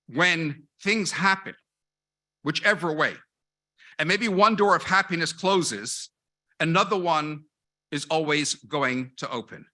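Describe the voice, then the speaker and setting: A middle-aged man, a rabbi, giving a lecture in a measured way, asking rhetorical questions and building his points in lists. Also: on the high side, bright, forceful tone. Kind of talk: lecture with anecdotes.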